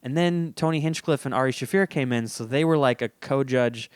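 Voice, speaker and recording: A man's voice: medium pitch, fairly quick, smooth, dry recording. Rambling young man on a podcast. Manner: rambling, laughs often. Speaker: podcast host. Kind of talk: casual chat.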